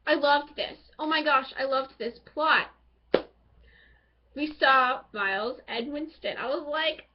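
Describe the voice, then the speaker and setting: A woman's voice: high-pitched, takes it slowly, noisy background. Gushing woman reviewing a TV episode. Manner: gushing, excitable and rambling. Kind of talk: casual spoken review. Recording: dull lo-fi home recording.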